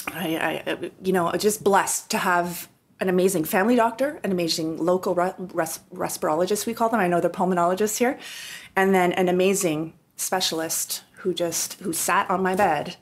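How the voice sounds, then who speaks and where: Canadian woman, 40s, husky lower voice, candid interview guest. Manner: candid, conversational, many restarts. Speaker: podcast guest. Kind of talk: personal story in an interview.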